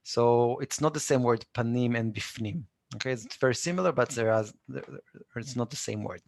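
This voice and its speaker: A man's voice: medium pitch, fast talker, vocal fry. A man with an Israeli accent, a native Hebrew speaker, teaching a live online Hebrew lesson and patiently repeating words for learners.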